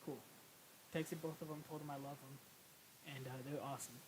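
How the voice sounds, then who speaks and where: A man's voice: a little high, fairly even intonation, a little fast, background noise. A man giving casual, emotional reaction commentary as host, exclaiming and swearing casually.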